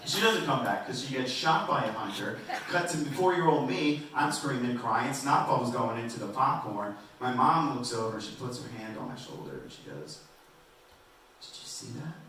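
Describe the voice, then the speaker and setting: A man doing a stand-up comedy set in a club, rambling and self-deprecating, with halting restarts. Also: mid-range voice. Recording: roomy and distant, faint noise.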